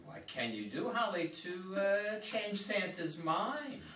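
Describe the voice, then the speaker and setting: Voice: mid-range voice, big pitch swings, slow, a bit bright. A reader voicing a cheeky, scheming male elf in an amateur read-aloud play, bold and teasing. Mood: seductive. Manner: bold, teasing, swooping delivery. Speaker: reader in a community reader's theater. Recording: roomy hall, mic far off, faint noise.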